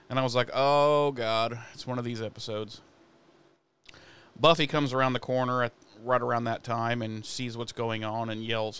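Smooth-voiced man recapping casually. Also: mid-range voice, moderate pace. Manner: animated storytelling, acts out quotes, swears casually. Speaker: podcast co-host.

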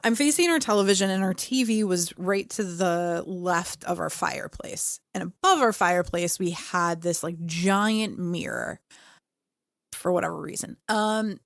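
Animated woman telling a ghost story. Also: lowish voice, a little slow, creaky, no room sound, studio quality. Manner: animated, lots of fillers, acts out her own reactions. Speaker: podcast co-host. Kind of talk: casual storytelling chat.

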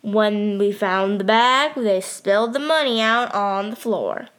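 A woman's voice: mid-range voice, a little slow, a bit bright, clear, resonant tone. A woman narrating a story in first person, telling it plainly and steadily.

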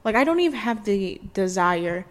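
A woman's voice: medium pitch, sing-song, normal speed, big-room sound. A woman in her twenties co-hosting a podcast, chatting casually and animatedly, laughing often and filling her talk with "like". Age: 20s. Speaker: podcast co-host. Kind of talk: casual chat.

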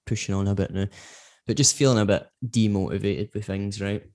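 A man's voice: fairly low pitch, steady tone, a little fast, a little mellow. A middle-aged man, co-hosting a podcast in casual, rambling chat. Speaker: podcast co-host.

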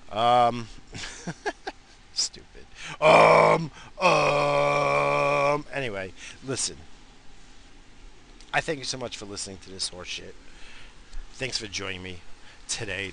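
A man in his thirties talking off the cuff on his own home podcast, rambling from one gripe to the next with plenty of swearing and self-mockery. His voice sits a little low but comes out bright and forceful, with a faint hiss of room ambience behind him. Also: vocal fry. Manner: rambling, profane, self-mocking. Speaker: podcast host. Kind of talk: casual solo podcast rant.

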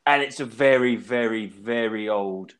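A man in his thirties from England, co-hosting a podcast in casual chat, rambling through an animated story and swearing freely. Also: fairly low pitch, measured pace, clear, resonant tone. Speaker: podcast co-host.

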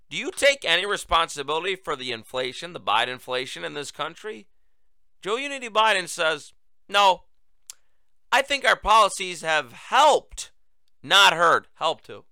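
A man's voice: a little high, sharp tone, clean tone, no echo. A man hosting a political talk show, delivering a sarcastic, mocking monologue. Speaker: host.

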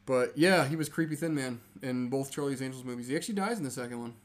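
A man's voice: medium pitch, quick pace. A young man in casual chat, swearing often and laughing as he tells stories. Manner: profane, laughing storyteller.

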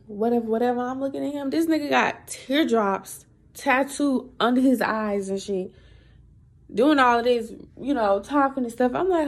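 A young adult woman hosting a podcast, telling a story in a chatty, animated, profane way. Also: on the high side, moderate pace. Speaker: podcast host. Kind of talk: casual storytelling monologue.

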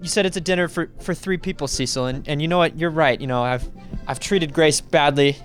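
A sleazy, blustering husband, played by a man, stammering and rambling with crude asides. His voice sits a little high for a man. It is a comedy audio sketch. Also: fairly quick, faint music behind, natural voice. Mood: scheming.

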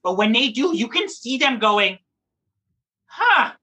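A woman who performs in drag and reads at story time, chatting in a lively, playful interview and laughing often. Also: on the high side, moderate pace, slightly rough.

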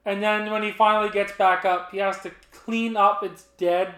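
A man co-hosting a podcast, chatting casually about a movie and retelling scenes in an animated way. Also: high-pitched, moderate pace, reverberant. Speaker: podcast co-host.

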